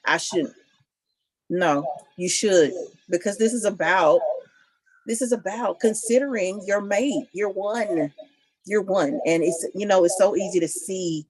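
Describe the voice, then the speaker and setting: A woman's voice: lowish voice, a little mellow, slightly rough, rough recording. A married woman on a couples panel, talking with passion and emphasis in casual discussion.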